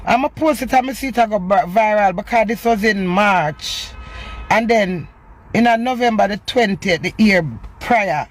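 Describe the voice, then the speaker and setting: A middle-aged woman speaking in Jamaican Patois, telling a personal story in a casual monologue. She is animated and swings between loud outbursts and low murmurs. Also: moderate pace. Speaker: social media personality.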